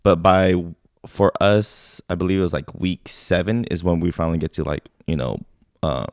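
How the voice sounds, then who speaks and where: A young man, a podcast co-host and army veteran from Sacramento, telling a story in casual chat, animated and swearing freely, acting out shouted drill exchanges. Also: low voice, moderate pace, no echo, clean studio sound.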